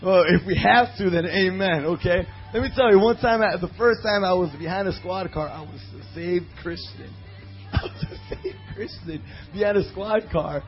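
An animated man preaching from the pulpit, his voice on the higher side. He reads scripture slowly and drifts into personal stories packed with fillers and acted-out voices. The recording is dull and lo-fi, with faint music underneath. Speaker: pastor. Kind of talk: sermon with storytelling.

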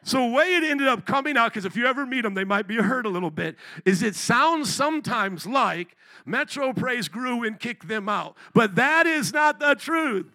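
A man's voice: extremely high pitch, lively intonation, moderate pace, bright, forceful tone. A man preaching as a pastor at a church service, telling a story in a casual, conversational way. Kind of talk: sermon.

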